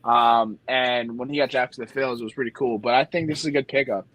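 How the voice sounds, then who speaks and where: A man from Delaware co-hosting a sports podcast, relaxed and hedging as he talks. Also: medium pitch, fast talker, no echo, rough recording. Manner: relaxed, hedging, says "like" often. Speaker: podcast co-host. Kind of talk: casual sports podcast chat.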